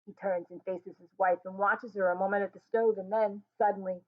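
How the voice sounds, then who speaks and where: A woman reading a stage play aloud, giving the stage directions in an even, matter-of-fact way. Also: mid-range voice, a little fast. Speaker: reader. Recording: tinny phone-like sound.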